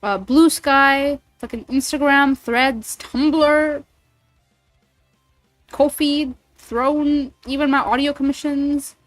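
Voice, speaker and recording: Higher-pitched woman casually chatting on stream. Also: fairly even intonation, takes it slowly, dry recording, faint music behind. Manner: rambling, swears casually. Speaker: streamer and voice actor. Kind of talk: casual livestream chat.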